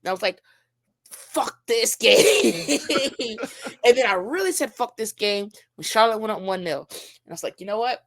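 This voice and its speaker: A woman co-hosting a casual sports podcast, ranting in an animated, exasperated way and swearing freely. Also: mid-range voice, quick pace, dry recording. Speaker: podcast co-host.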